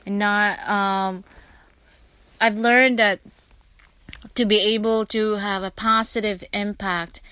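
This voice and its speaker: Bright-voiced chatty woman podcaster. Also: medium pitch, fairly even intonation, slow, pauses often, clear, resonant tone, no room sound. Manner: chatty, rambling storyteller who breaks off and restarts. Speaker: podcast host and teacher. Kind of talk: casual podcast monologue.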